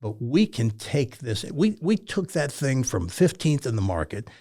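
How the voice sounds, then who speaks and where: A man's voice: medium pitch, unhurried. An older man from Tennessee, a former radio host telling stories in an interview and acting out the dialogue. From Tennessee, USA. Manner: animated storyteller who acts out quoted dialogue. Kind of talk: storytelling in a casual interview.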